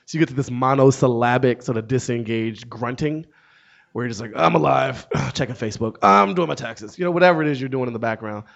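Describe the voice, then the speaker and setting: A man in his thirties, a comedian and author, telling a story to an audience with wry, deadpan asides. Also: mid-range voice. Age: 30s. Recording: dull lo-fi sound.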